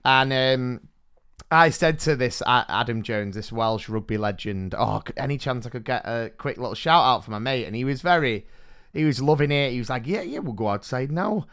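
A man co-hosting a podcast, telling stories in a jokey, animated way. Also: medium pitch, moderate pace, smooth. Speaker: podcast co-host. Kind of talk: casual chat.

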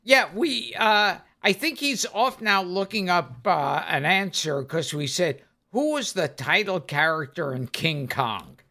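Gravelly high-pitched man, slow and rambling. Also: expressive, bright, forceful tone. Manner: rambling, self-deprecating storyteller. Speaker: podcast co-host. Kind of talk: casual chat.

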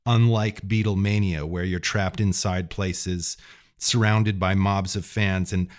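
Guy host w a lowish voice, asks long, well-built questions. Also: fairly even intonation, unhurried. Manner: articulate, long framed questions. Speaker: interviewer. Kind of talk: interview questions.

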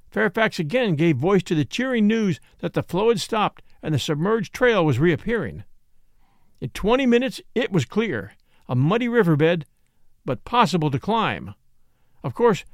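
Reading a classic Western tale, this male narrator performs it dramatically and expressively in a high voice that ranges widely in pitch. The sound is close and dry, with no echo.

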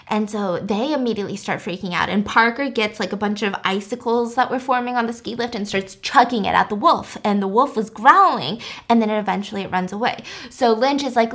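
A woman's voice: mid-range voice, a little fast, few pauses, a bit bright. A young woman hosting a podcast, retelling a movie in casual chat, full of fillers and laughing often. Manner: chatty storyteller, filler-heavy, laughs often. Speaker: podcast host.

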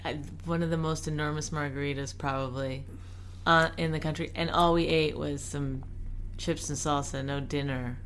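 Teasing woman with a low voice. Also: steady tone, normal speed, fairly bright tone, a little hiss or hum. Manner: teasing, defensive, laughing. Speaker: wife in a couple's chat. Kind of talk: casual banter.

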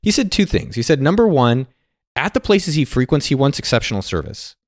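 A man telling a story and sharing advice in a casual monologue, animated and acting out the people he quotes. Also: mid-range voice, fairly quick, no echo, clean studio sound. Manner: animated, quotes others in lively put-on voices.

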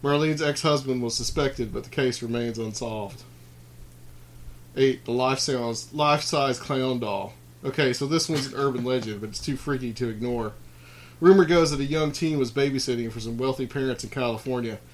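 This man's mid-range voice moves at a normal speed while he hosts a podcast. He first works through a list of creepy clown stories, then drifts into loose chatter full of fillers and restarts.

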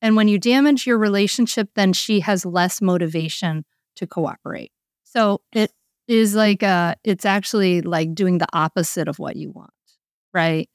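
A woman's voice: mid-range voice, moderate pace, no room sound, studio quality. A woman working as a parenting coach, explaining earnestly and often checking in with "right?". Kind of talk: coaching conversation.

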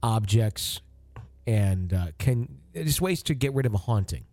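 A man's voice: fairly low pitch, lively intonation, a little slow, mellow, no room sound. A man co-hosting a podcast, chatting casually with many fillers and joking, then reading listener stories aloud. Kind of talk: casual chat and story reading. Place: home studio.

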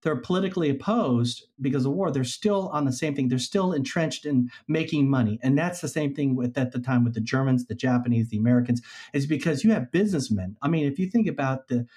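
This male podcast guest talks briskly at a medium pitch while casually narrating a story from history. He's lively and gives voice to the figures he quotes.

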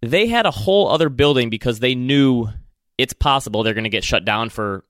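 Bright, crisp man with a Michigan accent. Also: medium pitch, expressive, fairly quick, no echo, clean studio sound. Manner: opinionated, chatty film talk. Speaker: podcast co-host. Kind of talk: casual chat.

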